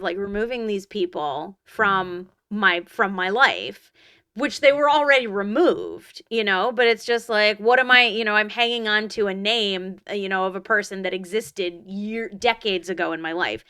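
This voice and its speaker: A woman around forty, co-hosting a podcast in casual chat, blunt and emphatic and quick to swear. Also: mid-range voice, sharp tone, clean tone, no room sound, studio quality. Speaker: podcast co-host.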